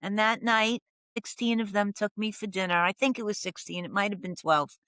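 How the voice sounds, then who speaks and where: A woman's voice: medium pitch, fairly even intonation, moderate pace, pushed and bright, dry recording. An older woman telling her story as a podcast guest, dramatic, acting out the voices she quotes. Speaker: podcast guest, professional coach. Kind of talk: storytelling interview.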